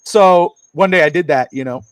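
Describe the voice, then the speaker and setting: A middle-aged man co-hosting a podcast, rambling through family stories and mimicking others in high voices. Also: moderate pace, smooth, no echo. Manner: rambling storyteller, acts out quotes in high voices. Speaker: podcast co-host. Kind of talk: casual chat. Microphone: streamed podcast mic.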